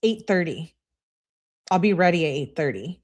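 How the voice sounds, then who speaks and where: A woman's voice: on the low side, big pitch swings, moderate pace, a little mellow. A woman reading aloud the text messages of a pushy young woman to her boyfriend, in a demanding tone, with curse words spelled out as letters.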